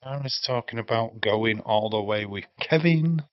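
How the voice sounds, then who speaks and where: A man's voice: lowish voice, moderate pace, no echo. Casting note: English male streamer, casual banter, dry lo-fi home mic. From England. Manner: chatty, reads out chat, swears freely. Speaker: livestream host. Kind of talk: casual watch-along chat.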